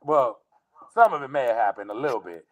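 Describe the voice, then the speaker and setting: A man, a guest comedian, joking and telling stories in animated interview banter. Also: mid-range voice, fairly quick. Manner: animated, joking, storytelling with voices.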